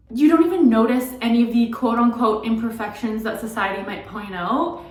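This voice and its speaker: A woman in her twenties, a beauty vlogger, chatting candidly and heartfelt in a casual confiding way, rambling with lots of likes. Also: on the high side. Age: 20s. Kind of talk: casual confiding vlog chat. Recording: echoey room, distant mic, background music.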